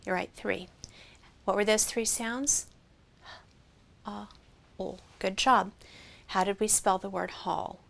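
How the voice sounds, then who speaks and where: Woman teacher, slow and patient, a touch of vocal fry, sounds out letters clearly. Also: medium pitch, fairly even intonation, fairly bright tone. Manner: slow, clear, encouraging, sounds out each vowel. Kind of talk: interactive phonics lesson.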